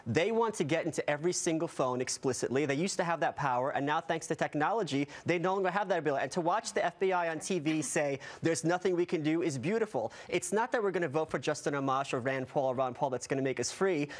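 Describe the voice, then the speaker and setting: A man's voice: a little high, quick pace, hardly any pauses. A man speaking as a TV panelist, emphatic and provocative in argument. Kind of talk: TV panel debate.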